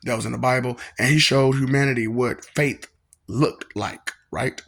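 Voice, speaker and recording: Gravelly husky man, taunting monologue. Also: medium pitch, moderate pace, fairly bright tone. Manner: taunting, repetitive, laughs often. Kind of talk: freewheeling spoken monologue.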